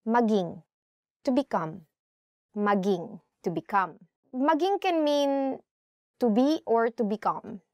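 A woman teaching vocabulary, saying each word slowly and clearly, then giving examples. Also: a little high, lively intonation, darkish tone, no room sound, studio quality. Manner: clear, slow model pronunciation with repeats. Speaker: language teacher. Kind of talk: vocabulary lesson.

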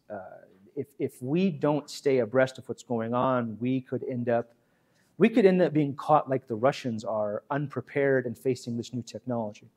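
A man's voice: mid-range voice, a little mellow, slightly rough. A man giving a chatty history talk as guest speaker, repeating himself and acting out quotes. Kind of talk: history lecture.

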